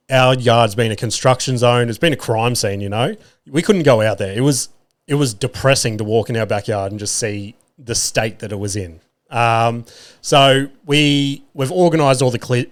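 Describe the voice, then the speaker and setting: An Australian man hosting a podcast, telling a comic story in a profane, exaggerated rant and talking straight to his listeners. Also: medium pitch. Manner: fillers and restarts, addresses listeners directly. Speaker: podcast host.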